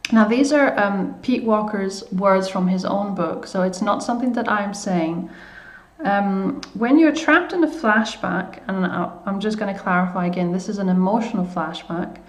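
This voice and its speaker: A woman talks viewers through coping advice in a soft, unhurried, hesitant way, often pausing on fillers and restarting her sentences. Her voice sits at an ordinary middle pitch. The sound carries a noticeable room echo. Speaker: coach. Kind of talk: self-help video talk.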